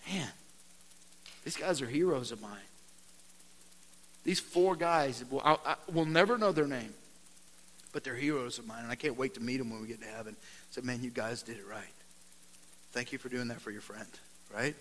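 A man preaching a conversational sermon. He keeps saying "man" and "right?", drops to a quiet, earnest tone, then turns loud and animated when he reads scripture. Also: mid-range voice, moderate pace, long pauses, long reverb tail, slight background noise. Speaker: pastor.

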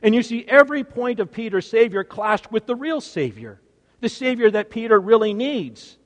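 Brief: male preacher, high expressive voice, dramatic sermon storytelling. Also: normal speed, big-room sound. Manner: dramatic storytelling, swings from hushed to emphatic.

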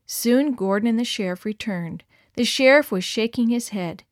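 A woman narrating a story in a clear, expressive read-aloud manner. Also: fairly high pitch, normal speed, no echo, studio quality. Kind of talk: scripted narration.

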